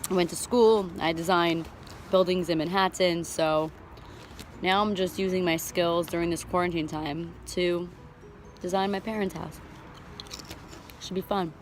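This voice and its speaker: A woman's voice: lowish voice, fairly even intonation, a little slow, pauses often, slight background noise. A woman casually chatting to the camera as she fixes up and paints a front door, upbeat and talkative. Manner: chatty and upbeat, talks to camera while working. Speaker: home renovation vlogger. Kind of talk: casual DIY vlog.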